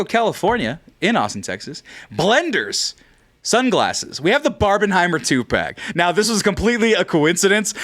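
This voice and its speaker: A man's voice: high-pitched, fairly bright tone. A man hosting a livestream, rambling and joking through sponsor prize announcements and swearing casually. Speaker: podcast host.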